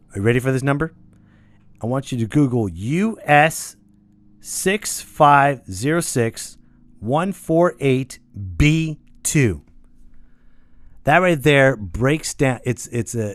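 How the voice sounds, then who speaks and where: A man's voice: medium pitch, dry recording. A man hosting a podcast, delivering a casual, sarcastic, ranting monologue with plenty of swearing. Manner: animated, sarcastic, swearing freely. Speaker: podcast host.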